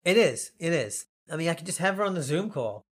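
A Long Island man with a slightly high, animated voice hosts a casual podcast chat at a fairly quick clip. His New York accent comes through as he rambles, cracks jokes, and laughs often.

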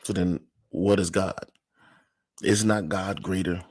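A man with a low, husky, darkish voice speaks slowly and fairly evenly in a recording with no echo. On a livestream, he gives a casual inspirational talk on faith and success, peppered with "you know"s and slipping into whispers.

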